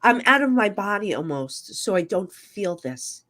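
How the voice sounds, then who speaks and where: Her medium-pitched voice is very animated and fairly bright, though she speaks a little slowly. A middle-aged woman from New Jersey, she's a psychic medium guest telling emotional stories frankly in a casual chat, often using fillers.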